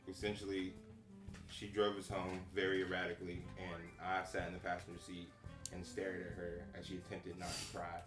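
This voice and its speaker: Deep-voiced young man telling a story. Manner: animated, profane, fillers like "like". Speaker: podcast co-host. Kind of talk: casual storytelling. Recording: echoey room with music behind.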